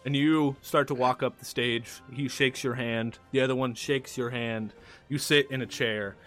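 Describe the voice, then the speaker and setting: A man's voice: mid-range voice, fairly even intonation, normal speed, a bit bright, soft background music. A man running a tabletop game, narrating in a casual, rambling way. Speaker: game master.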